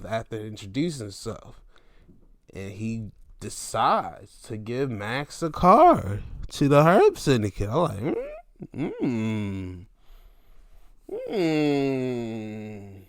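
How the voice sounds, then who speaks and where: Man, casual wrestling recap, lively pitch swings, profane, dry close sound. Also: no room sound. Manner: animated, swears freely, acts out quotes. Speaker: podcast host.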